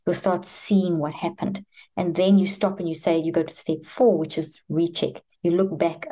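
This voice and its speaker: Woman expert guest, low warm voice, walks you through it step by step. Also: fairly even intonation, moderate pace. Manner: methodical, step-by-step, acts out parent and child dialogue. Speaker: guest expert on children's mental health. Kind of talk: explanatory interview answers.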